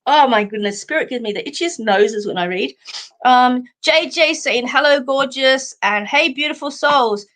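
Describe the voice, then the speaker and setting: An Australian woman hosting a live stream of psychic card readings, talking in a warm, chatty way, full of fillers, and calling viewers sweetheart. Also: high voice, normal speed. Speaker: psychic medium host.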